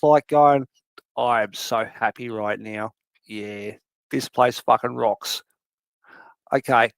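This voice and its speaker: A man telling a long, animated story in casual chat, swearing freely and acting out his cat's voice. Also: on the high side, dry recording.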